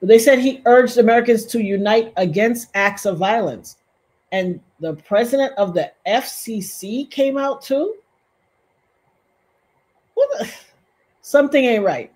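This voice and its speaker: A woman hosting a casual livestream, reading viewer comments aloud and talking straight to her audience in an animated way. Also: on the high side, measured pace. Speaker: livestream host.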